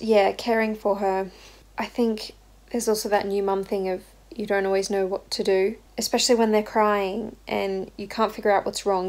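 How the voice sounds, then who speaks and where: A woman's voice: medium pitch, a little mellow, rough recording. A young woman vlogging candidly about life as a new mother, reflective and open, with ums and restarts. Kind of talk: casual personal vlog.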